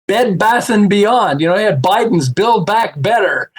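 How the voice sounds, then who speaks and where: A man with a slightly high voice chatting casually as a podcast guest. He tells lively stories and acts out the voices of the people in them. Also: measured pace, slightly rough. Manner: animated, acts out quoted voices with laughs. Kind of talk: casual storytelling chat.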